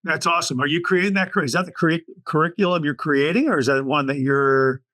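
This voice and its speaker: A man's voice: a little high, fast, sharp tone, no echo, studio quality. A man hosting a podcast interview, asking short questions and giving brief, encouraging interjections. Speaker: podcast host.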